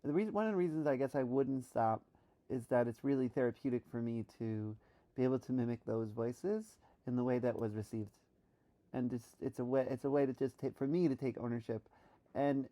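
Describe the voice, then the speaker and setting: A woman from New York thinking aloud in a reflective solo monologue, halting with many restarts while she practices a trained voice. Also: a bass voice, dark tone. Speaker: vlogger.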